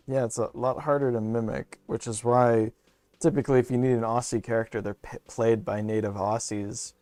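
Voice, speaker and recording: A young Canadian man streams, rambling profanely through casual gaming commentary with jokey asides. His voice is mid-range and a little mellow, and the recording is dry.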